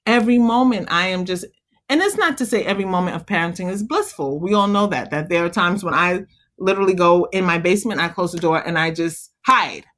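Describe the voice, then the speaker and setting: A woman guest in an interview, speaking earnestly and encouragingly about being a mother, growing animated as she tells stories. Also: fairly low pitch, brisk. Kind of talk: conversational interview.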